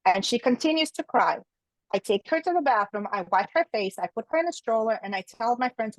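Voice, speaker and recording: A middle-aged woman with a fairly high voice tells a story in lively detail, acting out each voice along the way. Her opinions come across firmly. The sound is dull and muffled, with a dry, close feel. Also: a little fast, no room sound. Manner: opinionated storytelling, acts out quoted dialogue. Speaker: author and guest. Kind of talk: conversational interview.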